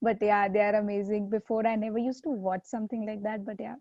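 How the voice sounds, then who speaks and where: A woman's voice: mid-range voice, level tone, fast talker, dry recording, lo-fi sound. A woman hosting a casual interview, eager and admiring, often laughing. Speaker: interview host.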